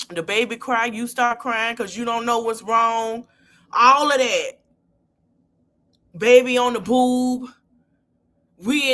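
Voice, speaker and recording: A female podcast host speaks with casual passion, her voice swinging from quiet murmurs to loud, high-pitched outbursts.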